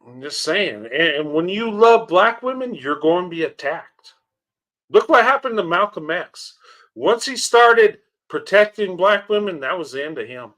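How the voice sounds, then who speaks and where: A man's voice: high-pitched, sing-song, measured pace, a bit bright. A man hosting a reaction video, commenting on clips in an earnest, heartfelt way, often laughing and repeating himself. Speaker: channel host reacting to clips.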